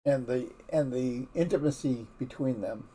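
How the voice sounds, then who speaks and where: A man's voice: mid-range voice, normal speed, dark tone, husky. A man giving a casual morning Bible devotion in a frank, folksy, conversational way, often restarting his sentences. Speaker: devotional teacher.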